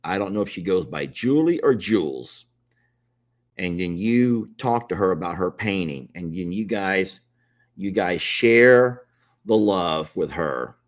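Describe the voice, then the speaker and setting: A man's voice: deep voice, expressive, unhurried. A man casually hosting a livestream, chatting and pleading with viewers to join. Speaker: livestream host.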